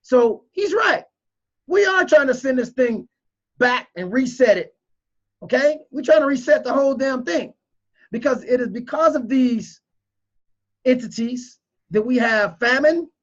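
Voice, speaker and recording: A man's voice: very high voice, expressive, measured pace. Emotional, emphatic man with dull sound. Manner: emotional, repetitive, preachy. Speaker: crypto commentator. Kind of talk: emphatic video commentary.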